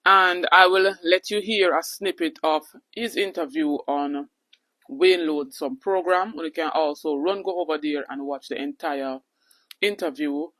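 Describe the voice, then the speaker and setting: Slow-paced woman hosting news. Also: deep voice, a bit bright, no room sound. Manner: greets viewers and sums up stories. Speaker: news channel host. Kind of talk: online news intro.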